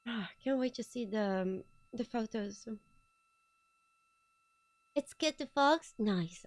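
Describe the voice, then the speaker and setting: A woman streamer chatting casually at her computer during a watch party, excitable and giggly, rambling from one aside to the next. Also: on the high side, slow, pauses often, no room sound. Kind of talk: casual live-stream chat.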